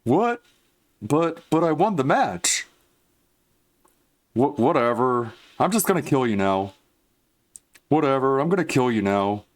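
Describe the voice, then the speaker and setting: A man's voice: big pitch swings, a little slow, pauses often. A man doing an impression of a petulant, whiny man with a heavily nasal voice. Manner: raised, whining pitch.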